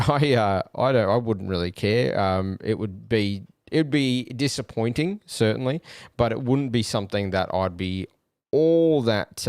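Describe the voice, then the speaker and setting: Australian male podcast host, low-ish smooth tone, dry close sound, unhurried and hesitant. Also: no room sound. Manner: hesitant, many fillers, musing aloud. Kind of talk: casual solo commentary.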